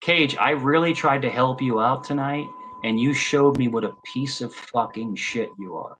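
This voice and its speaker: A man's voice: mid-range voice, moderate pace, fairly bright tone, slight background noise, poor audio. A man in his fifties arguing heatedly on an online panel, confrontational and repeating himself. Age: 50s. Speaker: panel guest.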